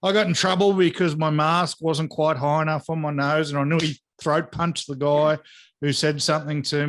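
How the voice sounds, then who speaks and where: A man co-hosting a podcast in casual chat, telling a story in an animated, profane way and acting out the dialogue. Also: on the high side. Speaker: podcast co-host.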